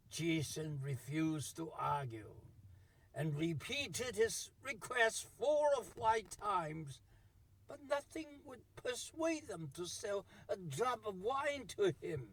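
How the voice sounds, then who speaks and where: A man's voice: high-pitched, very animated, slow pace. A man narrating a classic tale in a theatrical storytelling style, speaking to his audience.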